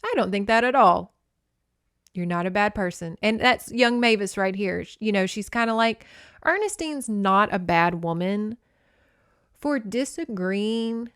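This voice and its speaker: Young woman podcast host, frank and opinionated, smooth clear voice, dry close sound. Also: medium pitch, no room sound. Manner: candid, opinionated, swears freely. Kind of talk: casual book recap.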